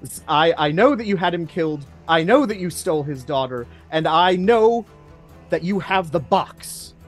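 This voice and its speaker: A man doing a furious, booming town mayor. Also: lively intonation, faint music behind. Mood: accusing. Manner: loud, slow, seething with rage. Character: furious middle-aged male town mayor.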